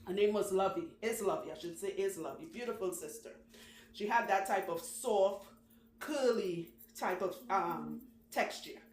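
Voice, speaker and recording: A chatty, animated woman from New York with a medium-pitched voice, a loctician and channel host, tells casual stories and laughs often. She does quick voices for the people she quotes, recorded in an echoey salon with faint background noise.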